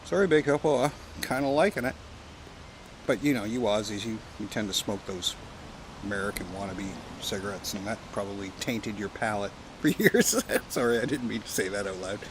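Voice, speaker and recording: Speaking fairly quickly in a lowish voice, this pipe-smoking vlogger from Canada rambles and jokes, with some profanity, during a casual campsite chat. The outdoor vlog recording is low quality, with obvious wind and background noise.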